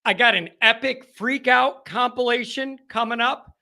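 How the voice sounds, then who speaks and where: A man hosting a live call-in football talk show, chatting with callers and breaking into excited shouting rants. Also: very high voice, normal speed, vocal fry.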